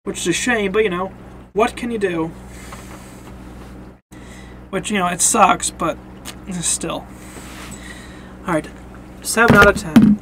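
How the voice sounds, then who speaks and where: Young man, high voice, casual comic review, rambling, fillers, faint background hiss. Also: slow, long pauses.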